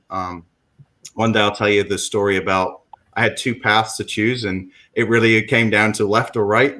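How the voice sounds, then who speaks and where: A man's voice: fairly low pitch, pushed and bright, poor audio. A middle-aged man with a London accent, telling his story as a guest in a casual chat, rambling with many fillers and restarts. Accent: London English. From England.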